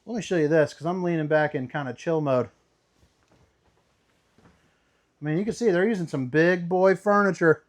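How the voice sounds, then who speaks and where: A man's voice: fairly high pitch, normal speed, long pauses. A man hosting a casual walkthrough tour inside a travel trailer, upbeat and playful with slangy asides. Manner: upbeat, playful, slangy, calls viewers baby. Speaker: RV tour host.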